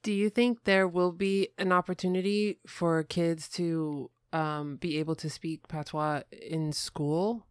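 A woman's voice: on the low side, fairly even intonation, slow, few pauses, clean tone, no echo, studio quality. A woman hosting a podcast, asking curious, rambling questions with casual fillers. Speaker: podcast host. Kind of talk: conversational interview.

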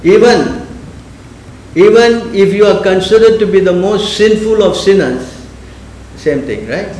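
A man's voice: high voice, expressive, measured pace, darkish tone, slight background noise. A man teaching a spiritual class in a conversational way, often questioning his listeners and acting out quoted speech. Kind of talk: sermon class. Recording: echoey room.

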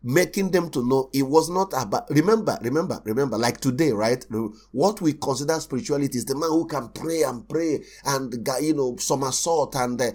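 Emphatic pastor preaching. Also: male voice, mid-range voice, a little mellow, slightly rough. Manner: emphatic, rhetorical questions, slow stressed scripture reading. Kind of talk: sermon.

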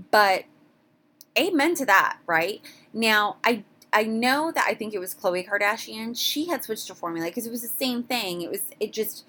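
A woman's voice: mid-range voice, fairly bright tone. Young woman, casual solo podcast host; candid, rambling, restarts often.

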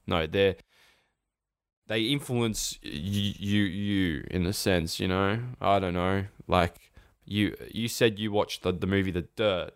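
Young man, podcast co-host, deep smooth voice, rambling and loose. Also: takes it slowly, dry recording, studio quality. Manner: rambling, laid-back, swears freely. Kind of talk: casual chat.

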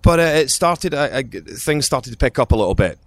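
A man's voice: medium pitch, expressive, a little fast. A middle-aged Scottish man, an actor, telling stories in a casual interview, rambling with restarts and acted-out quotes. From Scotland. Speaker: actor guest.

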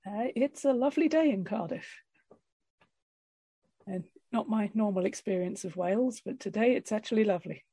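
A woman narrating as game master in a relaxed, dry way. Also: mid-range voice, normal speed, slightly rough, dry recording.

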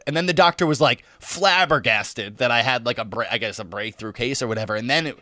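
A man telling a story in casual chat, animated, swearing and laughing often, acting out what others said. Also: mid-range voice, brisk, hardly any pauses, no echo, studio quality. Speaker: podcast co-host telling a story.

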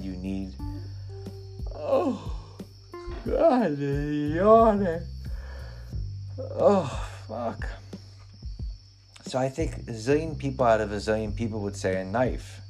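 A man with a lowish voice talks through a late-night podcast in a loose, meandering way. He sounds worn out and a bit tipsy, often breaking off mid-thought and swearing freely. Faint music plays under his voice. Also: darkish tone. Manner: rambling, profane, self-interrupting. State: tired, yawning, slightly drunk. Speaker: podcast host.

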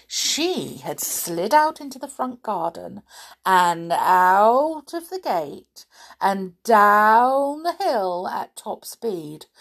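A woman reading a children's storybook aloud in an expressive, animated way. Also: on the low side, creaky.

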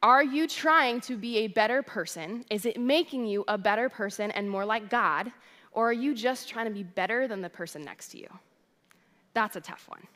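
A woman's voice: fairly high pitch, moderate pace, fairly bright tone, long reverb tail. A young adult woman, a worship director, giving a sermon in a chatty storytelling way. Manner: chatty storytelling, addresses crowd as "you guys". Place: church hall.

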